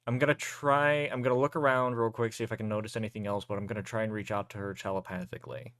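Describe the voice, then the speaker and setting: A woman playing in a tabletop game, talking casually and speaking calmly and soothingly in character. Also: a bass voice, fast talker, no room sound. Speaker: player.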